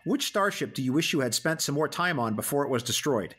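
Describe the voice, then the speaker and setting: A man's voice: a little high, expressive, brisk, a bit bright, breathy edge, soft background music. A man hosting a podcast interview, playfully announcing a mock game-show quiz in a theatrical way. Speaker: podcast host.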